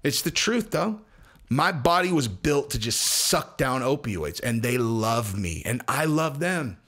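Man, commentary host, profane rambling monologue, lively swinging pitch, mid-range voice. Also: measured pace.

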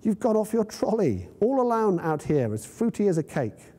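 A man reading aloud gives voice to a jovial blind reverend, hearty and mocking. The voice is dark and husky, ringing in a long echo. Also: high-pitched, sing-song, moderate pace, voice pushed up, exaggerated voice. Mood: teasing. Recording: long reverb in a lecture hall.

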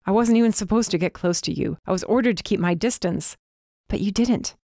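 A woman voicing a guarded, blunt young man who works as an undercover bodyguard, in a low, clipped, stubborn way. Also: brisk, vocal fry, warm tone, dry recording, studio quality, close to an everyday voice. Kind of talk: audiobook character voice.

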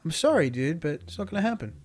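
A man with a high voice hosts a casual game roleplay and plays his own character. He talks in an excitable, slangy way and keeps calling the others dude and man. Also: quick pace, husky, soft background music. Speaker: roleplay series host playing himself. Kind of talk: Minecraft roleplay chat.

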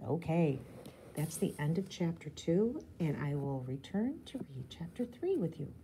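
A woman teacher reads a children's chapter book aloud in a low, mellow voice. She reads expressively and gives each character a voice of their own. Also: very animated, a little slow, a little hiss or hum, poor audio. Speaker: teacher reading aloud to a class. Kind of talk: storybook read-aloud.

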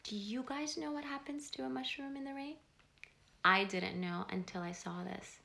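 A woman slowly reading a picture book aloud to young children, pausing to ask them questions. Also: high-pitched, creaky, a little hiss or hum. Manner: slow, gentle, asks the children questions. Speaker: storyteller host.

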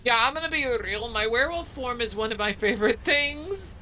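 A woman's voice: a little high, animated, brisk, pushed and bright. A woman giving casual, profane running commentary while streaming a video game, playfully meowing between comments. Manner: profane, playful, talks to herself.

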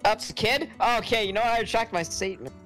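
A man's voice: high voice, fast talker, a bit bright, faint music behind. A young man reading fan fiction aloud to friends on a voice call, breaking off with joking asides. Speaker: reader.

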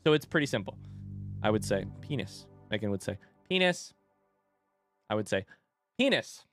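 A man's voice: fairly low pitch, fast, gravelly, soft background music. A man chatting casually and joking as he streams a game from a room at home, swearing freely and talking to his chat. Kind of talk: casual live-stream commentary.

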